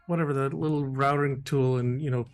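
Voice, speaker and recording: A man's voice: medium pitch, fairly even intonation, a little fast. A man hosting a casual talk show, describing toys in detail with fillers and restarts. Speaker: podcast host. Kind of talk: casual chat.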